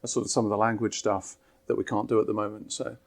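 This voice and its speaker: Developer guy walking through app features, fairly low voice, steady with lots of ums. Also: quick pace, creaky. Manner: steady, explanatory, with fillers. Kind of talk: explaining product features in an interview.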